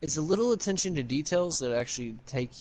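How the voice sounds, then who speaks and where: A man's voice: a little high, lively intonation, quick pace, darkish tone, slight background noise. A man hosting a Minecraft video, chatting casually and teasing his partner with jokes and swearing. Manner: teasing, profane, joking. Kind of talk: casual gameplay chat.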